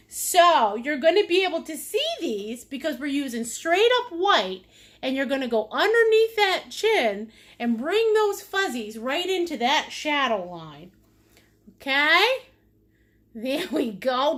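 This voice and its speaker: A woman leads a live painting class in a high, lively voice that bounces up and down. She takes her time and keeps breaking into giggles. She invents silly words and chats with the people watching. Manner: chats with viewers' comments while painting. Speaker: painting instructor. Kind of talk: live-streamed painting lesson.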